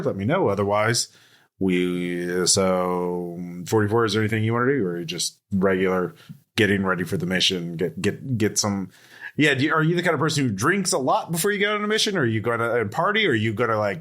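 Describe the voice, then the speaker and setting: A man's voice: lowish voice, a bit bright. A man running a tabletop game as game master, talking in a loose, rambling way with plenty of fillers. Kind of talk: casual tabletop game narration.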